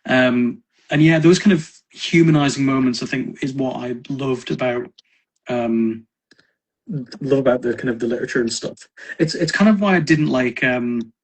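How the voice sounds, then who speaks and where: A man from North East England, a podcast guest chatting casually and rambling with many pauses and restarts. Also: medium pitch. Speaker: podcast guest, miniature painter.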